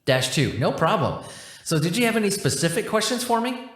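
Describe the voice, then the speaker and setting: A man's voice: sits high, big pitch swings, fairly quick, a bit bright, voice pushed up. A man voicing a laid-back, chatty, non-human tech support agent who talks in casual slang. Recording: roomy echo.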